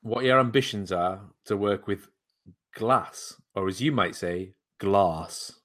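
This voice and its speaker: A man's voice: on the low side, a little slow, fairly bright tone. A man co-hosting a podcast, chatting casually in a playful, teasing way. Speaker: podcast co-host. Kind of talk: casual chat.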